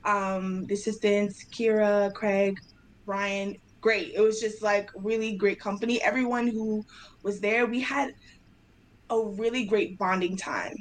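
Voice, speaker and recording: A young woman dancer and choreographer telling stories in a casual interview, animated and acting out her own past dialogue in excited voices. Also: medium pitch, measured pace, poor audio. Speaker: dancer and choreographer, podcast guest.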